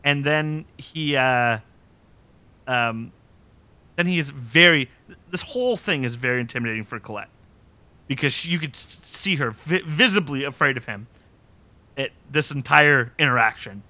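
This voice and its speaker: A man's voice: medium pitch, moderate pace, pauses often, no echo. A man hosting a podcast, recapping episodes in casual chat and eagerly quoting scenes with joking relish. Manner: animated storytelling, quotes scenes with relish. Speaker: podcast host.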